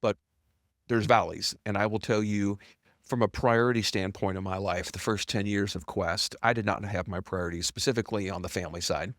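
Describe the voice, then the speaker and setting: A man's voice: brisk, no room sound, studio quality. A middle-aged man, a company founder, telling his story candidly as a podcast guest, bluntly and with self-deprecating humor, acting out quoted dialogue. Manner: animated, acts out quoted dialogue with big pitch jumps.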